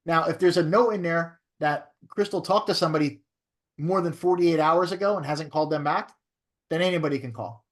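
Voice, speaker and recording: Fairly high-voiced man coaching a class. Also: fairly quick. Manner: coaching, repeats "right?" to check understanding. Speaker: real estate broker and trainer. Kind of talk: training class talk.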